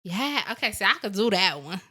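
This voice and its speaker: A woman co-hosting a podcast in a loose, casual chat. Her voice is bright and carries, often jumping louder as she laughs. She acts out little quoted scenes in other voices. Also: medium pitch, very animated, a little fast, breathy edge. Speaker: podcast co-host.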